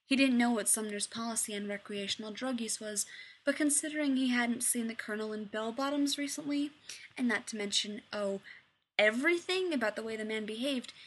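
Brief: woman storyteller, a bit high-pitched, expressive reading. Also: slight background noise. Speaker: story reader. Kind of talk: reading fiction aloud.

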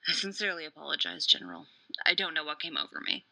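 A woman reading a gruff male commander. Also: low voice, fast, bright, forceful tone, exaggerated voice, rough recording. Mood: apologetic. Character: stern proud male clone commander, quick-tempered.

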